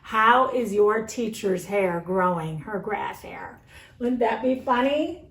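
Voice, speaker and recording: A woman kindergarten teacher speaking gently and coaxingly to young children, with a sing-song lilt. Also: medium pitch, lively intonation, slow pace, reverberant. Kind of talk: teaching kids over video.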